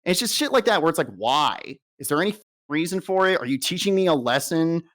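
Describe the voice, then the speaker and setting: Blunt, profane young soldier telling stories. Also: male voice, fairly high pitch, lively intonation, fast, fairly bright tone. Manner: blunt, heavily profane storytelling. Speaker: soldier interviewee. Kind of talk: candid personal account.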